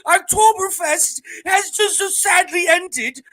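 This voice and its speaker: A man putting on a comic German announcer voice to give a football pick, high and drawn out. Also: slow pace, sharp tone, heavily acted. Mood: cheery.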